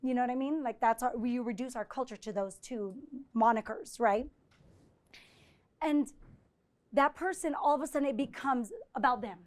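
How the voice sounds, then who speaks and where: Woman professor, high voice, live lecture with audience questions, chatty and animated, keeps asking "right?". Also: moderate pace, pauses often. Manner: conversational, often checks in with 'right?'; animated, acts out quoted exchanges. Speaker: visiting professor giving a presentation.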